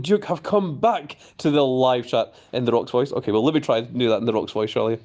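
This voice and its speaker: A man's voice: medium pitch, fairly quick, hardly any pauses. Chatty male game streamer reading chat. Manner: chatty, reads viewer messages aloud and replies; easily excited, voice jumps up on greetings. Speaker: gaming live streamer. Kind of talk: casual live-stream commentary.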